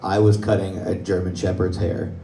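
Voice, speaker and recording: A man's voice: low voice, flat delivery, normal speed, gravelly, mellow, a little hiss or hum. A young man doing a stand-up comedy set on a club stage, telling stories conversationally and laughing at his own jokes. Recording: roomy club sound, mic from a distance.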